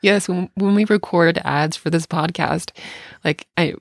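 A woman's voice: lowish voice, a little slow, gravelly, dry recording, clean studio sound. A middle-aged woman co-hosting a podcast in casual chat, rambling with restarts and laughing often. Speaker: podcast co-host.

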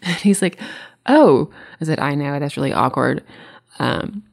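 A woman's voice: low voice, expressive, moderate pace, vocal fry. A woman in grief, telling candid stories about her late dog in casual conversation with laughter between lines. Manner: candid, warm storytelling with laughs. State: grieving.

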